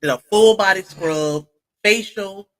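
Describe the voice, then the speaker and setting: A woman's voice: mid-range voice, unhurried, low-quality recording. A woman chatting casually on a homestead livestream, greeting viewers from the chat by name as she talks.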